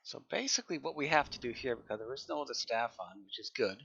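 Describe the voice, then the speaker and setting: A man's voice: mid-range voice, lively intonation, quick pace, creaky, fairly bright tone, husky, muffled recording. A man chatting casually on a live game stream as a server admin, rambling, repeating himself and often laughing.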